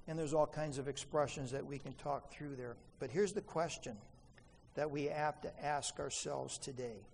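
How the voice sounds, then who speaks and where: A man preaching a sermon as pastor, emphatic, rising to pleading peaks and dropping to quiet asides. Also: on the high side, moderate pace, creaky, a little hiss or hum. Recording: faint room ambience with long hall reverb.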